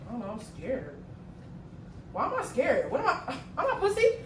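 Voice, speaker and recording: A woman in her twenties telling a slangy, animated story while she cooks in her kitchen. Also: on the high side, moderate pace, a little hiss or hum. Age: 20s. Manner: animated, slangy, swings loud when retelling. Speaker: vlogger. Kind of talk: storytime vlog while cooking. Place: home kitchen. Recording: echoey room, mic at a distance.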